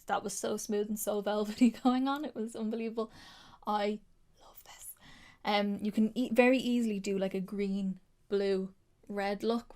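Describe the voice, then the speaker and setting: A woman's voice: medium pitch, a little mellow. A young Irish woman talking casually through a makeup palette review, gushing and chatty with plenty of fillers. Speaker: beauty vlogger.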